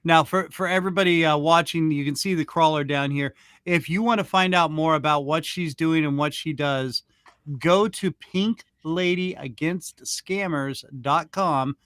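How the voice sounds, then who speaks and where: A man's voice: a little high, normal speed, a bit bright, smooth, no echo, clean studio sound. A man hosting a casual talk show, hesitant, with many ums and restarts. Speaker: host.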